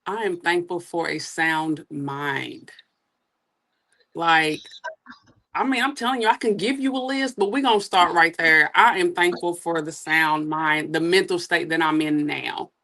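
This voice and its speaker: Kentucky lady, southern accent, lowish voice, candid and earnest about her faith story. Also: a little slow, bright, forceful tone. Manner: earnest, candid, emphatic repetition. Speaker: interview guest. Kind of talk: casual testimony.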